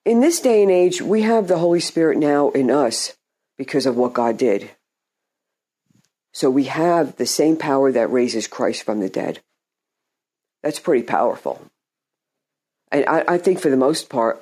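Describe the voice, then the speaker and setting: A man preaching an informal sermon in a halting, conversational way, often repeating words and restarting phrases. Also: mid-range voice, a little mellow.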